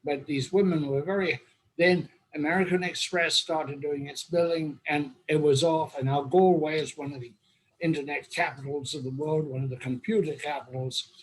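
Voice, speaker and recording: In a low-quality recording, an older man from England with an English accent hosts an online roundtable and tells long, wry, humorous anecdotes. His voice is fairly high and steady with a breathy edge, at a moderate pace.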